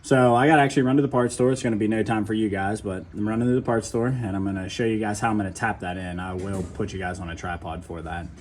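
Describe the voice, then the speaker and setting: A man's voice: lowish voice, steady tone, fast, hardly any pauses, slight background noise. A man giving a casual how-to while he works on a truck in a garage, talking loosely to viewers with lots of fillers. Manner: chatty, loose, addresses viewers as guys, many fillers. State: out of breath at times. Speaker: DIY mechanic. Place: home garage.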